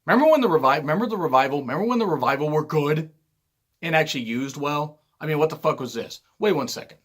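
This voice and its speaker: Loud, angry man ranting. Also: fairly high pitch, lively intonation, quick pace. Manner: loud, heated, swearing often. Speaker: wrestling show reviewer. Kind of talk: angry profane rant.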